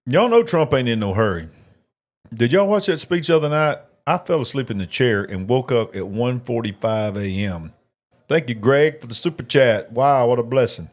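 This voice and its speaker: A man's voice: mid-range voice, lively intonation, normal speed. A man hosting a casual live election-night stream, chatting and eating while he reads viewer comments. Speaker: livestream host.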